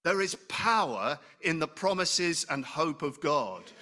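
Taking it slowly, a middle-aged man preaches in a fairly high, sing-song voice that sounds pushed and bright. He speaks conversationally, asking the congregation questions and making jokes at his own expense.

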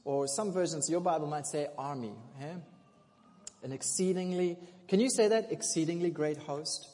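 A man preaching a sermon. He swings from hushed to loud, laughs often, and. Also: fairly high pitch, moderate pace, slight background noise. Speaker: pastor. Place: church hall. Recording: long hall reverb.

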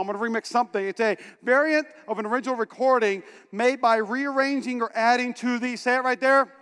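A man who pastors a church, preaching a sermon in an animated, joking way and talking straight to his congregation. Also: very high voice, clear, resonant tone. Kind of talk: energetic sermon. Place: large church hall. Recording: reverberant church hall.

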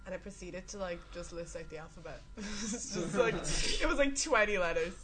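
A woman's voice: on the low side, moderate pace, few pauses. A young woman chatting casually as a guest, rambling through a story with lots of fillers. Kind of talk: casual chat.

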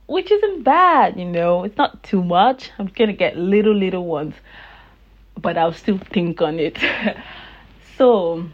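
A woman's voice: lowish voice, animated, takes it slowly, dull audio. A woman hosting her own podcast, chatting casually and laughing often as she retells conversations with family. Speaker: podcast host. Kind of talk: casual storytelling monologue.

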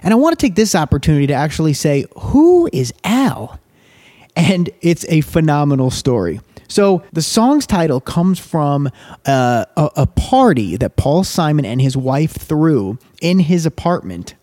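A man's voice: fairly high pitch, very animated, normal speed, warm tone. A man hosting a podcast, talking casually and eagerly about a song and reading its lyrics aloud. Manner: enthusiastic, explains while reading lyrics aloud. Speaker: podcast host. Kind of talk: casual music commentary.

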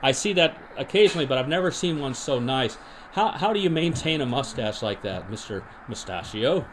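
A man hosting a podcast, deadpan and rambling with many restarts, in an improvised comedy monologue and mock interview. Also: medium pitch, brisk, slight background noise. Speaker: podcast host.

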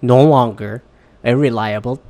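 A man's voice: medium pitch, measured pace, a little mellow. A man ranting casually and sardonically, swearing often and rambling between thoughts. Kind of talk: casual rant.

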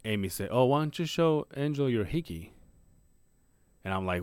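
Animated, swearing man telling stories. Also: mid-range voice, normal speed, smooth, no room sound. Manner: animated storyteller, acts out voices, swears freely. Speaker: podcast co-host. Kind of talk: casual chat.

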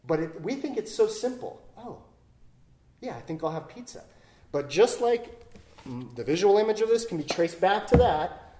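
Dharma teacher, playful, animated, lively class talk, keeps checking in with listeners. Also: medium pitch. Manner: playful, animated, demonstrates with props; frequent tag questions "right?".

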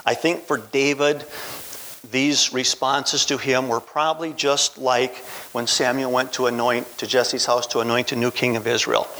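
Man preaching with lively storytelling. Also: medium pitch, slight background noise, rough recording. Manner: storytelling, voicing Bible characters in quotes. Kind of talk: sermon.

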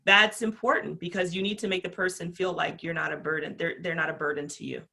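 A woman guest on a podcast interview, talking about customer service with passion, energetic and chatty with plenty of fillers. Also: lowish voice, fast, creaky.

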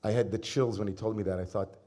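A middle-aged man, a rabbi, giving a sermon in a conversational storytelling manner with gentle humor. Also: on the low side, steady tone, fast talker.

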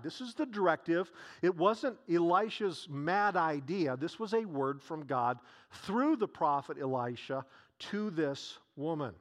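A man's voice: on the high side, animated, moderate pace. A man preaching a sermon, retelling a scripture scene with acted dialogue and many rhetorical questions.

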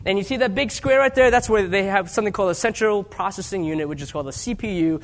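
A man around forty preaches as a guest speaker, his voice sitting fairly high for a man. He talks like he is chatting with the congregation, joking at his own expense. His delivery swings from quiet, hushed asides to raised, emphatic lines. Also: quick pace. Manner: conversational storytelling with self-deprecating humor. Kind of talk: sermon.

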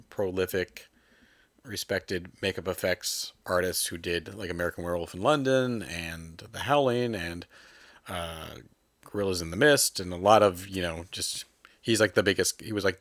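A man with a fairly low voice, chatting loosely about films as a podcast co-host. He rambles and gets animated, slipping into quick acted voices. The sound is close and dry, with no room around it. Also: no room sound. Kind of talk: casual film chat.

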